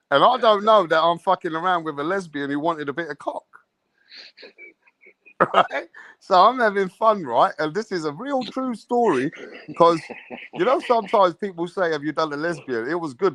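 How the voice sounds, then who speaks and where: A man's voice: high-pitched, animated, normal speed, a bit bright, no room sound. A man hosting a late-night podcast, telling a crude, swaggering story with laughter. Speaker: host.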